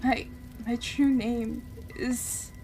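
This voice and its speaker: A woman's voice: fairly high pitch, flat delivery, extremely slow, dark tone, soft background music. A woman voicing a desperate young woman burning in a game, pleading and screaming with a breaking voice. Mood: anguished.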